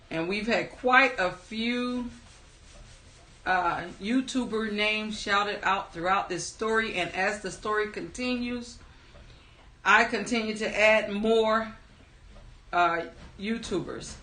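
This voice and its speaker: Slow and forceful, with long pauses, a woman speaks in a bright, medium-pitched voice in a roomy space. As a livestream storyteller host, she opens with casual, upbeat chat, greeting viewers by name before starting her story.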